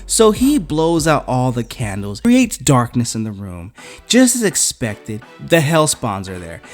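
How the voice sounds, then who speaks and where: Animated man recapping a comic. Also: medium pitch, a little slow, soft background music. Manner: animated, chatty retelling. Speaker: comic book reviewer.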